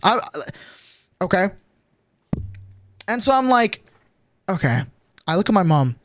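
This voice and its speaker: A man's voice: sits high, fairly bright tone. A young man streamer telling a storytime on a livestream, exasperated and swearing a lot, with frequent restarts.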